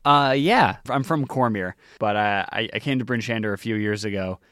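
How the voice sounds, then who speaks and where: A man's voice: fairly low pitch, moderate pace, fairly bright tone, dry recording, clean studio sound, close to an everyday voice. A man voicing a paunchy, boyish young stable boy who stammers, apologizes and sounds eager for company in a tabletop game. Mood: flustered, friendly.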